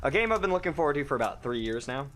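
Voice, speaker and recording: A man streaming a visual novel live, reading along and reacting in an excitable, giggly way. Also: mid-range voice, racing. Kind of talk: live let's-play commentary.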